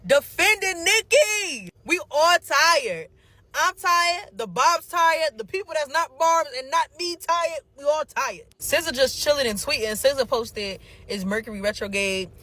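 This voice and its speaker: Fed-up emphatic speaker with a bright voice. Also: high-pitched. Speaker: commentator reacting to celebrity news. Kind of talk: casual reaction video.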